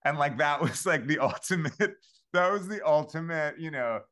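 A man's voice: a little high, expressive, normal speed, fairly bright tone. A man, a composer, telling stories in a casual interview, rambling with lots of fillers and restarts. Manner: rambling, many fillers and restarts, laughs often. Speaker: composer and podcast guest.

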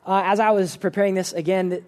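The speaker is a man with a high-pitched, darkish voice that barely moves in pitch, and he talks fast. He's preaching a conversational sermon in a church service room, earnest and informal, restarting his sentences and saying "like" often.

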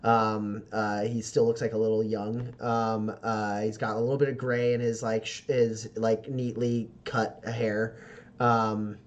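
A man narrating as game master, halting and full of fillers, who laughs often. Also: lowish voice, little pitch movement, dull audio.

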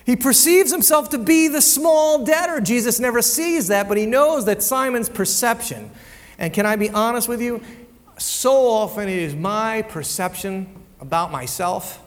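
High-voiced male pastor preaching in a reverberant hall. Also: animated, normal speed. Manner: conversational, stumbles and repeats words, asks rhetorical questions. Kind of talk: sermon.

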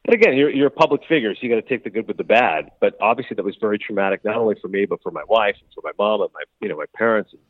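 A middle-aged man from Canada, a sports broadcaster chatting as a guest in an interview, who talks quickly and acts out the dialogue he quotes. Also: on the low side, dry recording. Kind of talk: casual interview chat. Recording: tinny phone-like line.

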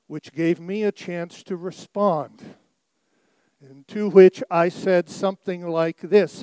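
A middle-aged man delivers a sermon in a smooth, clear voice that sits fairly high, recorded dry and close with no room sound. He takes his time, swelling to loud emphatic lines and then falling to near-quiet phrases. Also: no room sound. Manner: swings between loud emphatic peaks and quiet, dropped phrases. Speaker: pastor.

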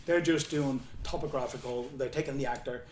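A man's voice: medium pitch, a little fast, noisy background. A man speaking at a question-and-answer session, telling stories casually, swearing freely and laughing as he talks. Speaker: guest speaker on animation. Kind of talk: anecdotal Q&A talk. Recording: roomy hall with faint ambience.

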